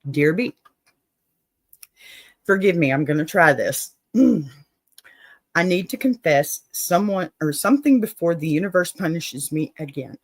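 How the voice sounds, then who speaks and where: A woman's voice: sits low, lively intonation, a little slow, long pauses, no echo. Playful woman reading an advice letter. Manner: playful, dramatic reading with laughs and asides. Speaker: advice show host.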